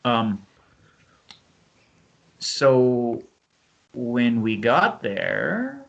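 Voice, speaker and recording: A man's voice: medium pitch, big pitch swings, extremely slow, vocal fry, muffled recording. Rambling man hosting a casual podcast. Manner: rambling, self-correcting, laughs often. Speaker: podcast host. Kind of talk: casual chat and reading a written narrative.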